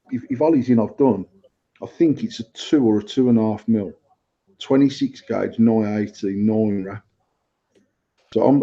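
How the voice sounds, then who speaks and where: A man's voice: lowish voice, creaky, dark tone. A man co-hosting a casual podcast, rambling and swearing as he repeats himself. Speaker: podcast co-host. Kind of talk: casual chat. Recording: dull lo-fi sound.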